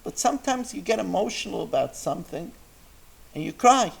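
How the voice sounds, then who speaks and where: A rabbi telling a story in a Torah class, acting out the people in it with lively shifts of voice. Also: male voice, high-pitched, fairly quick, gravelly, slightly rough, rough recording.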